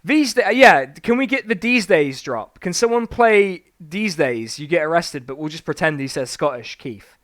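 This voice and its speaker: A high, animated male voice that leaps all over its range as he reads passages aloud and then tears into them. He rants sarcastically and swears freely, in the loose manner of a live-stream book review. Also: moderate pace.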